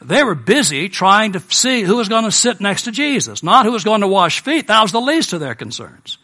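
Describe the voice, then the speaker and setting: An American man preaching a sermon in a relaxed, conversational storytelling manner with personal asides. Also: high-pitched, normal speed. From United States.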